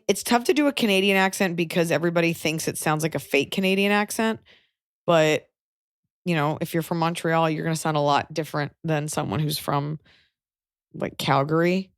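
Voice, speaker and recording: A woman's voice: sits low, dry recording, clean studio sound. A woman hosting a podcast, giving frank advice in casual chat, often restarting her sentences. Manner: chatty, frank, self-interrupting. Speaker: podcast host.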